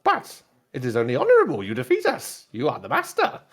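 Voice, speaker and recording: A man's voice: mid-range voice, wildly swooping pitch, fairly quick. A man voicing a small, eager robot droid that talks in stiff, formal phrases to its new master. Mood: earnest. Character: eager little male robot droid, servile and earnest.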